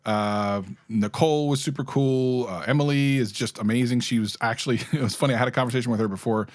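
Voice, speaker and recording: A man's voice: medium pitch, fast, no echo, studio quality. A man speaking as a guest in a casual interview, candid and laughing often. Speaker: guest, former company community liaison.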